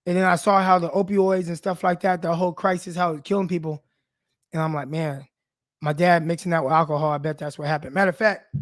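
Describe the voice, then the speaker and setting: This young sports podcast host has a high-pitched voice, captured in clean studio sound without room sound. He's teary-eyed while giving a casual, heartfelt monologue, speaking loosely and personally with many fillers.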